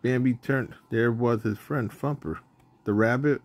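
A man reading a children's storybook aloud in a plain, even narrating manner, with the odd stumble. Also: medium pitch, a little slow.

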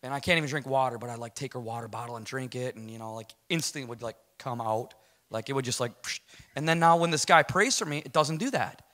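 A middle-aged man giving an animated testimony to a church audience, telling his story casually and acting out what people said. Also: medium pitch, quick pace. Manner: storytelling, acts out quotes, casual slang. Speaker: guest speaker giving a testimony.

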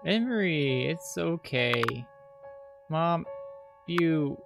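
A streamer voicing a lonely nonbinary child who looks after a dark house, reading the game's lines aloud in a halting way that repeats words. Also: mid-range voice, lively intonation, gravelly, full character voice. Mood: wistful. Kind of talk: reading game dialogue aloud. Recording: loud piano music behind.

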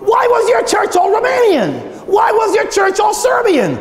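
A man voicing God as a stern male judge who loudly demands answers from pastors, his voice raised high above his usual preaching pitch. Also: huge pitch swings, moderate pace, heavily acted. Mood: demanding. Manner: loud, booming interrogation. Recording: long hall reverb.

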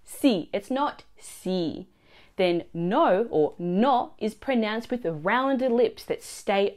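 A woman teaching a language lesson, explaining phrases and their pronunciation clearly and slowly. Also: medium pitch, darkish tone. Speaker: Italian teacher.

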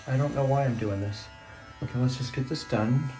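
A man's voice: medium pitch, fairly quick, warm tone, faint music behind. Nervous rambling man in a bathtub. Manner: nervous, rambling, exclaiming to himself. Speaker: teacher. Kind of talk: casual phone vlog. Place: small bathroom, sitting in a bathtub. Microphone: phone propped nearby.

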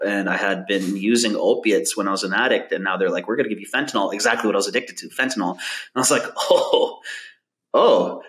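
A man's voice: on the low side, fairly quick, a bit bright. A young man from Canada telling his story as a podcast guest in a loose, casual way, full of filler words.

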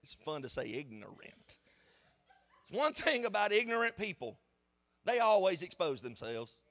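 Pastor, high male voice, lively storytelling sermon delivery. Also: unhurried. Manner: animated, conversational preaching with storytelling. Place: church sanctuary.

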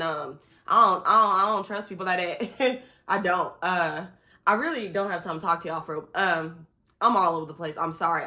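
A young woman with a bright, clear tone talks into her camera in a candid personal vlog. She sounds tired and close to tears. She addresses her viewers directly and speaks with open feeling. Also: mid-range voice. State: tearful and tired. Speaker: vlogger. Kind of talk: emotional personal vlog talk.

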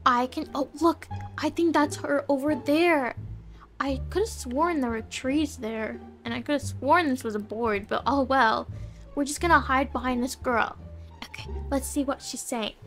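A woman talks viewers through a game role-play, chatty and soft. Her voice sits high, with gentle music faintly behind her. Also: measured pace. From Australia.

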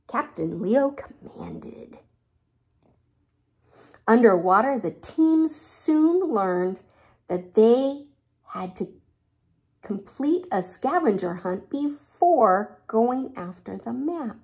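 A woman reading a children's picture book aloud, talking to young listeners in a slow, animated way. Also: on the high side. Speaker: storybook reader.

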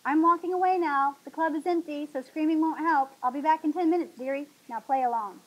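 A woman's voice: high voice, animated, fast talker, husky, highs cut off, voice pushed up. A woman reading a novel aloud, voicing a sleazy, pushy male club booker in a taunting way.

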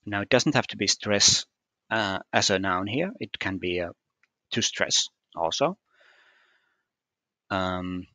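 A man's voice: fairly low pitch, sharp tone, dry recording. A man walking through a puzzle solution step by step, hesitant and methodical, with frequent fillers. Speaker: puzzle solver explaining solutions. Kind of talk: screen-recorded puzzle walkthrough.

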